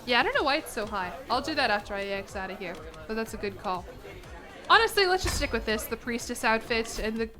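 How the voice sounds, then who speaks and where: A young adult woman streaming a game, chatting casually with playful, self-mocking jokes and bursts of laughter. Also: rough recording. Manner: bursts of animated laughter and pitch jumps. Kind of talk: casual livestream chat while playing a game.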